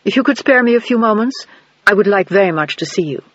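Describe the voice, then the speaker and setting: A courteous, formal middle-aged investigator with a fairly high voice, played by the male narrator. He speaks in measured, polite sentences. The recording sounds dull and dry. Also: lively intonation, a bit bright, no echo.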